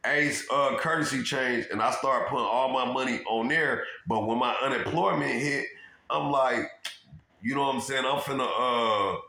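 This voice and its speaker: A man rambles through his own story with an animated, profane delivery, circling back again and again to "you know what I'm saying". His voice is bright and forceful. The room around him gives off a noticeable echo. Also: mid-range voice, normal speed, vocal fry. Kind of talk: rambling casual monologue. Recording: roomy echo.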